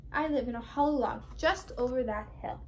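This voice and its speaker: A woman's voice: high voice, brisk, a little hiss or hum. A teenage girl voicing a friendly young male skunk in a storybook reading, in a lightly raised, friendly voice.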